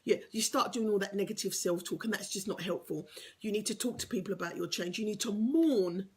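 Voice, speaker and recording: A woman's voice: mid-range voice, a little fast, slightly rough. A woman giving an earnest, encouraging motivational talk as a life coach, sometimes dropping to a whisper for emphasis.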